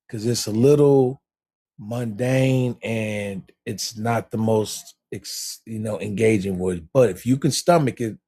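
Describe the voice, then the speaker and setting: A man's voice: medium pitch, dark tone, husky. A man in a casual livestream chat who talks insistently and keeps repeating "listen" to hold the floor. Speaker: livestream participant.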